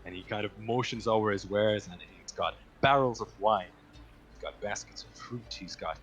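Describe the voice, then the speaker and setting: A man narrating a tabletop game as game master in a relaxed, descriptive way. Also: fairly low pitch, moderate pace, faint music behind.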